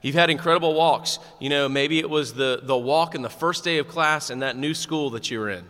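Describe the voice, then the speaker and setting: Male pastor, animated conversational sermon, bright tone, echoing sanctuary. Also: fairly high pitch, brisk. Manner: animated, conversational preaching with humor.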